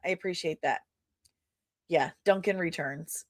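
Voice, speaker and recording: A woman's voice: on the low side, a little slow, no room sound. Chatty woman podcaster, dry close sound. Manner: rambling, self-deprecating, with frequent fillers. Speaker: podcast host and comic creator. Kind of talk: casual chat.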